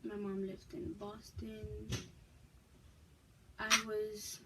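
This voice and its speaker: A woman's voice: medium pitch, completely flat delivery, extremely slow, heavy background noise. A young woman from Massachusetts, frank and emphatic, telling her personal story to her viewers in a casual vlog. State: pregnant, expecting a child. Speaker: vlogger.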